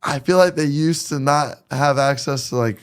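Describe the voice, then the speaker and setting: A male guest on a casual podcast talks in emphatic slang, often circling back to repeat a point. His voice sits a little higher than most men's. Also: normal speed, clear, resonant tone.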